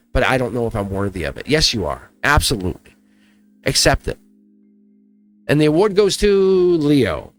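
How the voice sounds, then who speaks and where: A man giving a casual tarot reading to his viewers, warm-hearted and emotional, with frequent laughs and asides. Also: medium pitch. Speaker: tarot reader.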